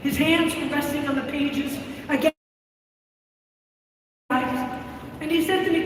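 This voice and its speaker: A woman's voice: high voice, fairly even intonation, slow, long pauses. A woman in her seventies from Florida, giving a dramatic storytelling speech on stage at a convention, vivid and theatrical. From Florida, USA. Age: 70s. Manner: theatrical, vivid, acts out voices. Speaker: keynote speaker. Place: large convention hall, on stage. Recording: echoey hall, distant mic, room noise.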